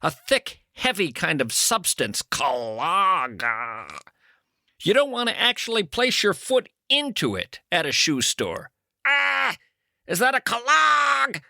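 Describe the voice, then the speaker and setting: A man riffs through a mock-serious comedic monologue as a talk host. His voice sits high and bright with a crisp edge. The sound is close and dry. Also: huge pitch swings, slow pace, no echo. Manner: wry, musing, mock-serious storytelling. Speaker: radio talk show host.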